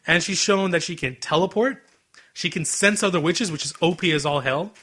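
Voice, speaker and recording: A man's voice: high-pitched, normal speed, breathy edge. A young man co-hosting a casual anime podcast, retelling scenes and acting out the characters' lines. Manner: animated, acts out scenes in quoted voices. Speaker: podcast co-host.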